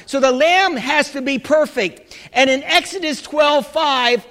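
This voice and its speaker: Man, pastor, very high voice, fervent sermon, shouting at times, restarts, long church reverb. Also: a little slow. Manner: fervent preaching, rising into shouts, many restarts and fillers.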